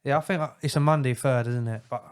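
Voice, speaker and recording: A man's voice: medium pitch, fairly even intonation, fast talker, clear, resonant tone. A man, co-hosting a casual podcast chat in laid-back, hesitant banter. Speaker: podcast co-host, tradesman.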